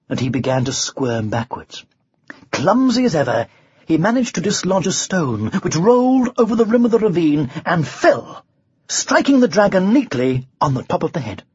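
A narrator reading a storybook aloud in an expressive way with varied pacing. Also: medium pitch, moderate pace, husky, no room sound. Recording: dull lo-fi recording.

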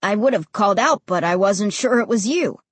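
Menacing boy, low and threatening, animated storybook delivery, read by a woman. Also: normal speed, breathy edge, no echo. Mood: soft. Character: sinister boy, quiet and menacing.

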